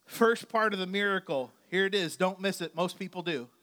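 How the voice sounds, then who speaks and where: Bright-voiced joking male pastor. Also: high-pitched, normal speed. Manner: chatty, joking asides to the congregation. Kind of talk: conversational sermon.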